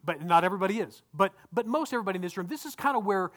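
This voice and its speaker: A man's voice: high-pitched, expressive, rapid-fire, a bit bright. A male pastor giving a conversational sermon, often repeating words and asking the congregation questions.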